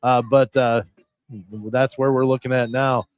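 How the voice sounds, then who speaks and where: A man giving folksy, rambling play-by-play commentary on a high school football game, often correcting himself. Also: level tone, a little slow, clear, resonant tone, dry recording. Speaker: play-by-play announcer.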